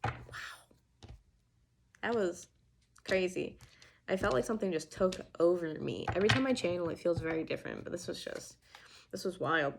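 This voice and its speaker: Young woman doing a heartfelt tarot reading, kinda low voice, earnest and emphatic. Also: animated, normal speed, creaky, long pauses, a little hiss or hum. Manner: earnest, emphatic, with restarts and fillers. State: getting emotional. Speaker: tarot reader. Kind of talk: emotional channeled tarot reading.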